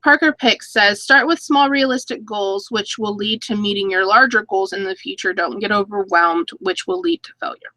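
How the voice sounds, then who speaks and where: A woman's voice: medium pitch, normal speed, few pauses, sharp tone, no echo, low-quality recording. A woman in her thirties hosting a casual live-stream chat, reading viewer comments aloud and laughing between stories. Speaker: YouTube channel host.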